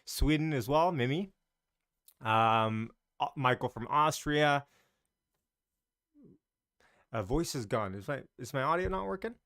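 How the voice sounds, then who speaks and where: A man's voice: medium pitch, animated, unhurried, long pauses, fairly bright tone, no room sound, studio quality. A man hosting a casual live stream about the market, chatty and loose, greeting viewers as he talks. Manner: talks in loose, restarting sentences.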